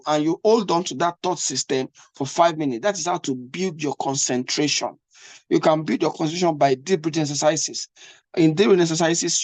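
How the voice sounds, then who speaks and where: A man with a slightly high, darkish voice gives a spoken lesson as an English test coach, recorded with no room sound. He repeats himself a lot, stumbles into restarts, and keeps checking that the listener is following along.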